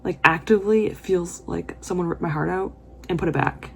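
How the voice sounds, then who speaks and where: A woman's voice: lowish voice, a little fast, gravelly, fairly bright tone, slight background noise. A young woman vlogging her reactions while reading, talking in an emotional, gushing and exclamatory way. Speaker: book vlogger. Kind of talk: reading vlog commentary.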